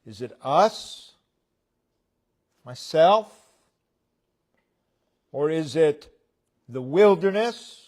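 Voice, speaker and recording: A man preaching a sermon in a church, speaking in short, deliberate phrases that trail off at the ends. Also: fairly high pitch, expressive, a little mellow. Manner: slow, deliberate preaching with pauses between phrases; voice falls away at the ends of phrases.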